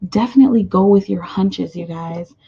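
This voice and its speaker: A woman's voice: medium pitch, moderate pace, creaky, husky, dull audio. A woman giving a casual card reading to her viewers, chatty and full of fillers, often calling out to "you guys". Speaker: tarot card reader.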